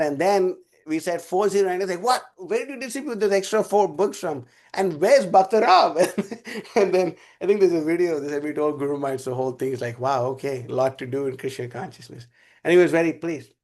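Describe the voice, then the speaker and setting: Man teaching a class, slightly high voice, rambling anecdotes. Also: a little mellow. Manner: rambling, storytelling, laughs often. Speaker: class speaker. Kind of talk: casual spiritual class talk.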